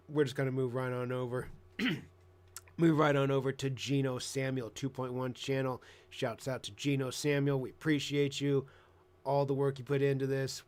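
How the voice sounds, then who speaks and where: A man in a casual reaction commentary, talking in a mocking, sarcastic way. His voice sits at an ordinary middle pitch, and his jokes are crude. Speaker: commentary host.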